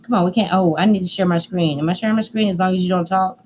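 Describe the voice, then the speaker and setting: A woman's voice: fairly low pitch, quick pace, a little mellow, dull audio, slight background noise. A woman hosting a casual livestream from home, chatting loosely with playful asides and laughter. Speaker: livestream host. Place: indoors at home near a window.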